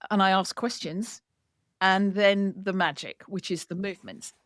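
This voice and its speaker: A woman author being interviewed, talking in a lively, chatty storytelling way. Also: medium pitch, moderate pace, dry recording. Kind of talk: casual chat.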